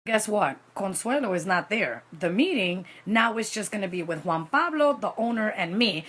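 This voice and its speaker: A woman telling a personal story in a casual vlog, animated and dramatic, with Spanish phrases mixed in. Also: medium pitch, moderate pace, husky.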